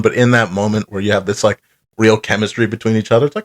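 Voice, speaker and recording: A man's voice: fairly low pitch, fairly quick. A man co-hosting a cartoon podcast, retelling the plot in rambling, profane, casual chat. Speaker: podcast co-host.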